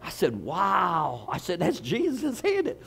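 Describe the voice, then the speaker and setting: An older man preaching a sermon, telling stories with bursts of shouting and laughter. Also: sits high, wildly swooping pitch, unhurried, gravelly, breathy edge. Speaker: pastor.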